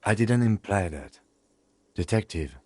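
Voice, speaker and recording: An actor playing a calm, composed male police detective in a video game, speaking tersely and in a measured way. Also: fairly low pitch, husky. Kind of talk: voiced game dialogue.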